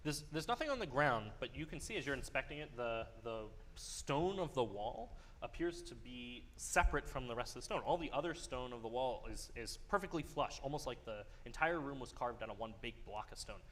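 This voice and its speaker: A man narrates a live tabletop game as its game master. He stops and restarts often and breaks into laughter, his pitch rising and falling a lot. A faint hiss of background noise sits under his voice. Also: lively intonation, brisk, fairly bright tone.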